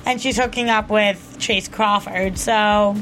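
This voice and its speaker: A woman's voice: medium pitch, steady tone, slow pace, fairly bright tone, soft background music. A woman co-hosting a TV aftershow, recapping and gossiping in a gushing, chatty way full of "like". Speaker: co-host of a TV aftershow. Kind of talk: casual gossip chat.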